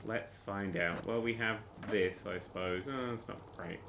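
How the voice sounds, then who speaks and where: A man's voice: lowish voice, a little slow, background noise. A British man giving sarcastic, sweary commentary while playing a game, exasperated and ranting. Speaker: gaming YouTuber.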